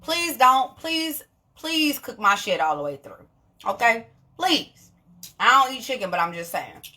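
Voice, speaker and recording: A young woman, talking straight to camera in a casual vlog, blunt and animated, swearing freely and laughing often. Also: a little high, measured pace. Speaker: vlogger.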